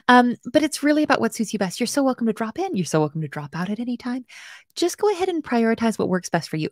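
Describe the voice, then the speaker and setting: A woman's voice: on the high side, big pitch swings, quick pace, dry recording, clean studio sound. A woman hosting a live web development lesson. She is chatty and playful, mocks herself, and talks straight to viewers in the chat. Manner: chatty, playful and self-mocking. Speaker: web development bootcamp host. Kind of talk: casual live-stream coding tutorial.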